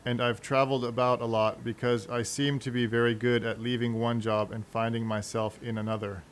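A man's voice: medium pitch, little pitch movement, a little fast, slight background noise, close to an everyday voice. A man voicing an eager young manservant who talks in an earnest, chatty way.

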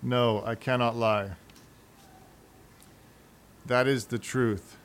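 A man's voice: mid-range voice, fairly even intonation, extremely slow. A man voicing an eager young manservant who talks in an earnest, chatty way.

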